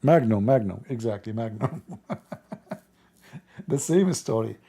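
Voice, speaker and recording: Gravelly, dark-voiced middle-aged man preaching. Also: lowish voice, expressive, unhurried. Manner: blunt, mocking and preachy, in broken grammar. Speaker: livestream host. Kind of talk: casual livestream chat and preaching.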